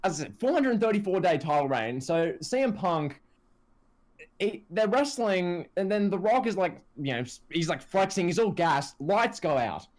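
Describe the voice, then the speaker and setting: Man, wrestling podcast co-host, upbeat and rising, swings his pitch widely. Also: moderate pace. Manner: animated ranting, quotes others in put-on voices. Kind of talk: casual wrestling chat.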